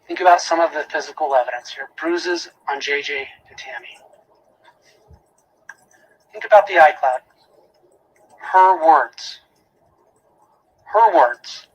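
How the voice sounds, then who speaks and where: Addressing the jury in his closing argument, a prosecutor speaks in a husky, somewhat higher-pitched male voice. He drives home repeated phrases and sharp rhetorical questions emphatically, at a slow pace with long pauses, and the audio is poor.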